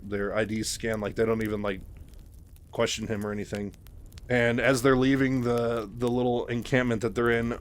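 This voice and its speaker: A man recaps a book chapter by chapter in a loose, rambling way, full of fillers and restarts. His voice sits at an ordinary middle pitch. It is casual, unscripted storytelling. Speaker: narrator.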